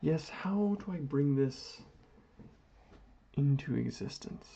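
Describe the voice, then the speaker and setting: Man, slow and gravelly, rambles in a mock-grand philosophical tone; dull lo-fi audio. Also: fairly high pitch, animated, mellow. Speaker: vlogger. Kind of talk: slow musing monologue while doodling.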